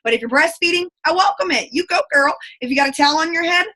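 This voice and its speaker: Bright fast-talking Southern woman. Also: high voice. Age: 20s. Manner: fast, folksy and effusive, with Southern expressions. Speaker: guest speaker. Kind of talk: motivational team call talk. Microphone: video call.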